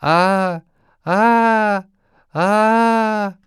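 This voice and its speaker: A man voicing a kind grown man who gently pleads and later gasps in terror. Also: medium pitch, expressive, slow pace, clean tone, dry recording, studio quality. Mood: terrified panting. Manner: pleading, then panting and gasping.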